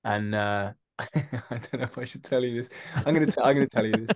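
A man with a London accent, an actor telling animated anecdotes in a podcast interview, often restarting his sentences and acting out the voices of the people in his stories. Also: medium pitch, fast talker. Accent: London English. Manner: animated storyteller, acts out quoted voices, many restarts. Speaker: actor guest.

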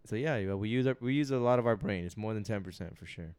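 A man's voice: fairly low pitch, quick pace, darkish tone, smooth, no room sound. A man co-hosting a casual podcast, rambling and joking as he leads topics. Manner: laid-back, rambling, joking. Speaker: podcast co-host.

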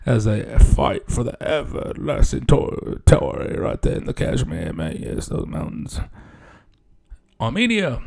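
Loose, joking man with a creaky voice. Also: lowish voice, warm tone. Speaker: comedian and podcast host. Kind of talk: casual comedic monologue. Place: podcast studio.

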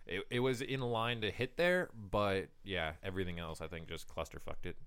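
Male co-host, low, clear, bright tone, dry jokey delivery. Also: moderate pace. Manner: wry, jokey interjections. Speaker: podcast co-host. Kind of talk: casual movie chat.

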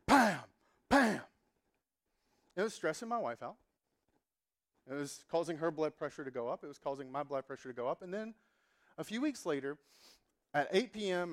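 A man in his thirties, a pastor telling a humorous story in a sermon and acting out the dialogue. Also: on the high side. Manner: animated, humorous, acts out dialogue.

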